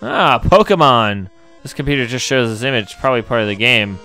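A man's voice: mid-range voice, steady tone, fast, bright, forceful tone, smooth, soft background music. A man recording let's play commentary, reading every character's lines in his own voice and exclaiming when startled. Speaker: gamer reading game dialogue aloud.

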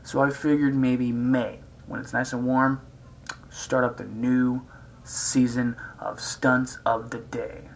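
A man's voice: mid-range voice, level tone, slow, slight background noise, poor audio. Hyper, crude joking man vlogging. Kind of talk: casual rambling vlog chat.

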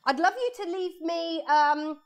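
In an unhurried, extremely high-pitched voice, a woman art teacher gives children a live painting lesson from her studio. She chats through a lapel mic and explains each step as she draws.

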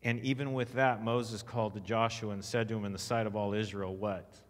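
A man's voice: fairly low pitch, brisk. A man with a Texan accent giving a sermon-style teaching, emphatic, asking the audience questions and reading scripture aloud. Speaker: conference speaker. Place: church hall. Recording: long echo of a church hall.

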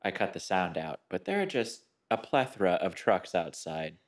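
A man keeps up relaxed banter beside his wife as she paints in her home studio. His voice sits very low and unhurried. He joins in with light teasing and asides. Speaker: co-host and video editor. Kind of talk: casual chat.

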